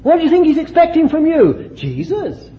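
A man's voice: very high-pitched, wildly swooping pitch, normal speed, muffled recording. A man preaching a fervent sermon, exclaiming and laughing between points.

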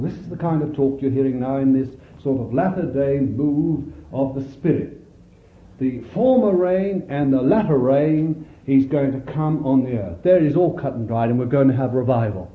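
Man preaching on a tinny, echoey recording. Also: medium pitch. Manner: expressive Bible reading and exhortation. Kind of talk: sermon.

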